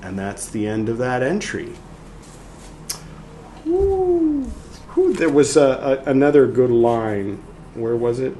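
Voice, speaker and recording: A man's voice: mid-range voice, very animated, slow, long pauses, mellow, a little hiss or hum. A man hosting a show, reading a text aloud with a theatrical delivery and adding his own commentary. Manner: dramatic, theatrical reading of quotes. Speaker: host. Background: faint background music.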